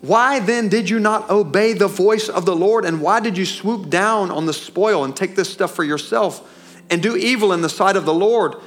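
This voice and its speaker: A man preaching reads the words of a stern aged male prophet rebuking a king, in a raised, forceful, slowed voice. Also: sits high, voice pushed up. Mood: stern rebuke.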